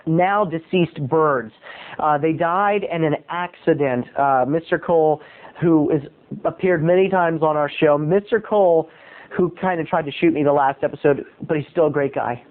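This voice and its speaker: A man's voice: on the high side, a little fast. A man hosting a show, telling rambling comic stories in a chatty, digressive way. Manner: chatty, digressive, animated storytelling. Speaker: podcast host. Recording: tinny phone-like audio.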